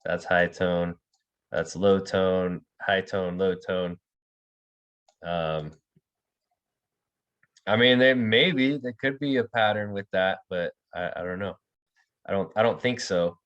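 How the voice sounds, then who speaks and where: A man teaches an online language class in a low, fairly bright voice, speaking slowly with long pauses. He calls on students by name, repeats words for them, and explains with many fillers and restarts. The recording is muffled.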